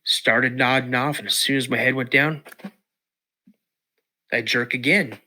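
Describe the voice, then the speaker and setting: A man's voice: mid-range voice, measured pace. A middle-aged man, a podcast guest, telling a story casually with lots of repeats and restarts. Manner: animated, repeats words and restarts.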